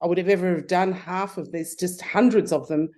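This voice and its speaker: A middle-aged Australian woman, a photography consultant, telling lively stories in a casual interview with frequent restarts. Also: on the low side, a little fast.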